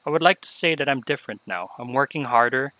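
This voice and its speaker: A man reading aloud the lines of a remorseful young female unicorn showmare from a game, in a soft, subdued voice. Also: mid-range voice, fast, no echo, close to an everyday voice, rough recording.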